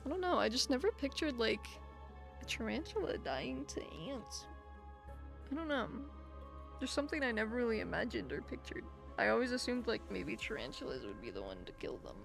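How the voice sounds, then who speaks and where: A young woman hosting a live stream sounds tired and a bit out of breath. Her voice is gravelly, with a pitch that swings up and down a lot. She chats loosely with plenty of fillers and soft laughs, and faint music plays underneath. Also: big pitch swings, a little fast. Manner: chatty, sympathetic, frequent fillers and soft laughs. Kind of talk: casual live-stream chat, reading chat aloud.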